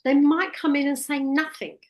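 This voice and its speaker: A woman's voice: high voice, level tone, normal speed, darkish tone. A woman, a hypnotherapy trainer teaching one-to-one in a direct, practical way and quoting what she tells clients in a soothing voice.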